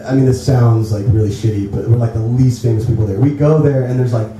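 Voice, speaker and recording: A young man, a musician guest in a casual radio interview, telling rambling, animated stories. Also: medium pitch, over music. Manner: animated storyteller, quick and rambling, many "like"s. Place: radio station studio. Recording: echoey room, distant mic, noisy.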